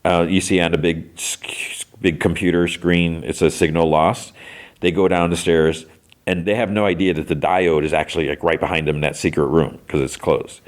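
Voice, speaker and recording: A man with a very deep, low-pitched voice recaps an episode on his podcast. He talks casually and loosely, often stopping to restart and dropping in "like" and "you know.". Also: fairly even intonation, moderate pace. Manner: rambling, hesitant, lots of "like" and "you know". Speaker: podcast host.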